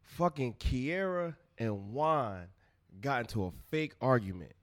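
Profane, animated podcast co-host man. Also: medium pitch, a little slow, no echo. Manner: loose, profane storytelling. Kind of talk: casual podcast chat.

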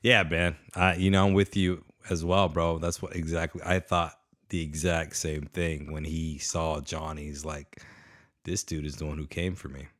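Co-host, male, very deep voice, excitable and slangy in casual talk. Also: moderate pace. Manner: excitable, slangy, acts out his own reactions. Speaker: podcast co-host. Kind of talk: casual chat.

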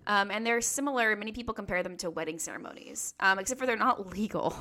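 A woman's voice: medium pitch, fast talker, pushed and bright. Playful teasing woman podcast host. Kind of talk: casual chat.

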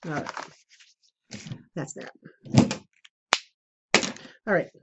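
Speaking extremely slowly with the highs cut off, a woman chats at home indoors for her vlog. She tells rambling, self-deprecating stories before an oracle card reading.

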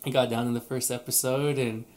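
A man's voice: mid-range voice, flat delivery, brisk, a little mellow. A man co-hosting a casual podcast, talking in a rambling way with many restarts. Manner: rambling, frequent restarts and fillers. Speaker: podcast co-host. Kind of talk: casual chat.

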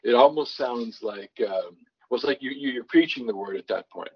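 A man's voice: mid-range voice, moderate pace, breathy edge, highs cut off. A man who writes songs from scripture, explaining his process in a thoughtful conversational way, often restarting his sentences. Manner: thoughtful, restarts often, reads scripture aloud with varied emphasis. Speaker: songwriter guest.

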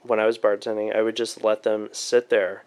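A man's voice: fairly low pitch, level tone, moderate pace, a little mellow. A young man in casual chat, tipsy with the hiccups, talking loosely and swearing.

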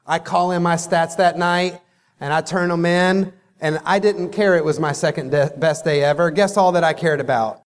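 A man, a company CEO, giving a motivational keynote speech and telling a story with lively quoted dialogue. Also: fairly high pitch, moderate pace. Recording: echoey hall reverb.

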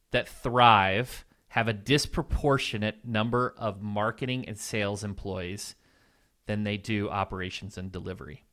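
Man, nasal, fairly low pitch, casual podcast guest, upbeat and candid. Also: a bit bright. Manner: upbeat, candid, listing ideas in quick bursts. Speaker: podcast guest, agency owner. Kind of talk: casual interview answers.

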